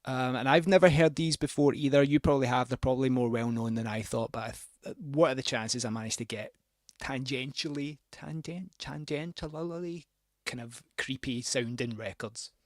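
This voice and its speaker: A man's voice: medium pitch, steady tone, fairly quick, hardly any pauses, no echo, studio quality. A man hosting a record show, telling a rambling, sweary, self-mocking anecdote between records. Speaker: radio host spinning records.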